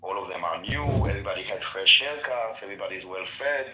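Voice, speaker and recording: Earnest halting man in an echoey room. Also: sits low, expressive, a crowd in the background. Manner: earnest, halting with many restarts. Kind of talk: casual political discussion.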